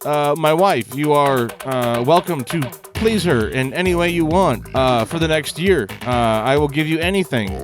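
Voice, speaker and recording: A man's voice: on the high side, pitched above the performer's own voice. A man voicing an adult male game developer who speaks broken English and is overly grateful, heaping gifts on a translator. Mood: fawning.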